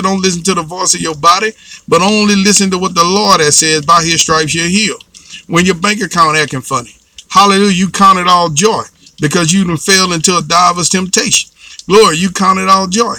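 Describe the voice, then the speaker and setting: A man's voice: sits high, bright, forceful tone, no room sound. A man preaching a fervent sermon, urging the congregation with repeated calls and responses. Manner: fervent, repetitive exhortation with call-and-response.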